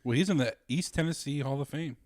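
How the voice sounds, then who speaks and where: A man's voice: medium pitch, quick pace, a little mellow, no room sound, studio quality. A man co-hosting a podcast in an easygoing, chatty way, often repeating himself as he tells a story. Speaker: podcast co-host. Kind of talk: casual chat.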